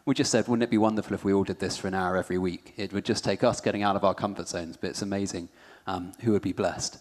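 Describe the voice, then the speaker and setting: A man's voice: low-pitched, steady tone, fast talker, long reverb tail. A man hosting a church conference, upbeat and self-deprecating as he shares his own story. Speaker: conference host.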